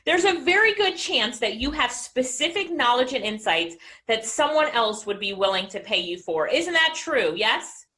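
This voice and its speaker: With a moderate pace and a voice that's a little high, a middle-aged woman coaches business through an upbeat motivational talk online. She keeps asking her audience questions.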